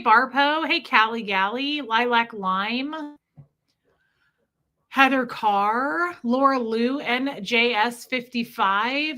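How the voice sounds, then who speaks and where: A woman's voice: a little high, bright, forceful tone. A woman hosting a casual livestream, greeting viewers by name one after another. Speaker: livestream host.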